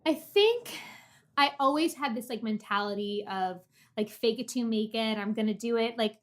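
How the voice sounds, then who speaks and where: A woman's voice: fairly high pitch, moderate pace. A pregnant woman in her thirties, a podcast guest, talking openly and emotionally in a casual conversational way with many "like"s. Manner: open, emotional storytelling with lots of "like". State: heavily pregnant. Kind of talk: candid conversational interview.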